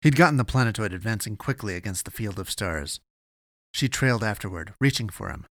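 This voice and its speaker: Low-voiced man narrating a story. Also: a little fast, no room sound. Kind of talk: audiobook narration.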